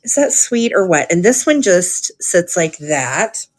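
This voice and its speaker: A woman's voice: lowish voice, very animated, measured pace. A woman hosting a live online auction stream, chatty and gushing, with frequent ums as she shows items. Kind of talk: live sale stream chat.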